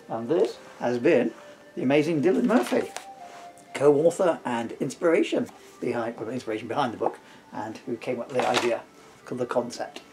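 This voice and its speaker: A man's voice: normal speed, music in the background. A man reading aloud from his own comic children's book, chuckling as he goes. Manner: chuckling, playful reading with lively pitch.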